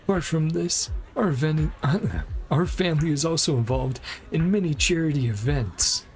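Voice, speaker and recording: A man's voice: a little high, moderate pace, faint music behind, voice pushed up, natural voice. A man voicing an arrogant, entitled rich young man in a game, reading his lines in a haughty, indignant way.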